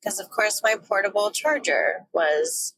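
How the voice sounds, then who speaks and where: A woman's voice: mid-range voice, sing-song, unhurried, fairly bright tone, husky, rough recording. A young woman talking candidly in a frank, joking, often profane monologue, recorded on a phone while she drives her car. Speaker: vlogger.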